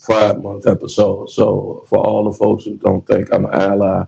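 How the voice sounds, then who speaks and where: A man's voice: fairly low pitch, monotone, normal speed, creaky, mellow, dull audio. A man hosting a podcast, telling stories in a casual, profane way and laughing often. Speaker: podcast host.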